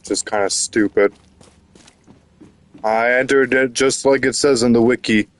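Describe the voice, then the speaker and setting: A man's voice: medium pitch, fairly even intonation, a little slow. A man giving casual commentary while playing a video game, frustrated, rambling and swearing. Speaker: gaming YouTuber.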